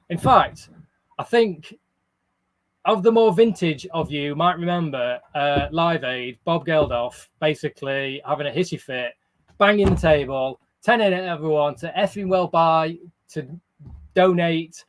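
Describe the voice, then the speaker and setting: A man's voice: fairly high pitch, unhurried. An English man hosting a charity live stream, chatting casually and rambling with lots of fillers. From England. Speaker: live-stream fundraiser host.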